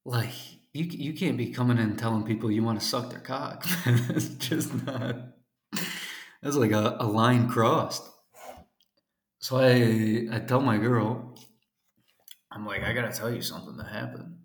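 A man's voice: medium pitch, unhurried, long pauses. Laid-back, foul-mouthed man telling a story. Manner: profane, laid-back, laughs through the telling. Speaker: English teacher. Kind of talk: casual comedic storytelling. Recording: roomy echo.

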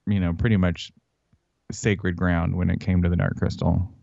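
Man, casual podcast co-host, chatty, low voice, lo-fi dry mic. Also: flat delivery, moderate pace, creaky, mellow, no echo. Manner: chatty, reads out descriptions, laughs easily. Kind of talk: casual fan podcast chat.

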